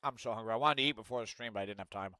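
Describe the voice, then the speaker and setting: A man's voice: lowish voice, very fast, bright, forceful tone, a little hiss or hum. A young man live-streaming, reading news aloud and ranting with lots of swearing. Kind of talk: casual live-stream commentary.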